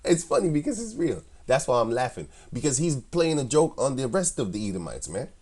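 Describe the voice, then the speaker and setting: A man's voice: medium pitch, big pitch swings, fairly quick, darkish tone. A man giving casual scripture commentary, laughing often and speaking in a mocking, scornful, rambling way. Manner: loose and rambling, with many restarts. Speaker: religious commentator.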